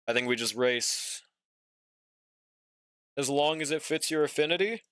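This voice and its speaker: A man's voice: mid-range voice, a bit bright, smooth, no room sound, clean studio sound. A young man streaming a game, chatting casually with viewers and swearing often, and sounding a bit sleepy. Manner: laid-back, drawling, swears often, reads and answers chat. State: yawning, sleepy. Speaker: gaming streamer. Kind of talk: casual live-stream chat while playing.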